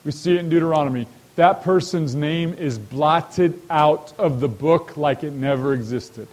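A man's voice: a little high, unhurried, darkish tone, low-quality recording. A man leading a sermon-style Bible study, who often asks his listeners rhetorical questions and speaks to them directly. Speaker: Bible teacher.

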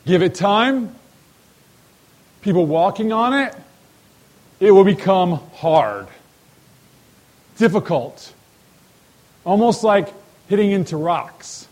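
A man with a slightly higher voice leads a Bible study in a sermon style. He keeps turning to his listeners with quick rhetorical questions. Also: expressive, a little mellow, rough recording. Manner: asks rhetorical questions and addresses listeners directly. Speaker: Bible teacher.

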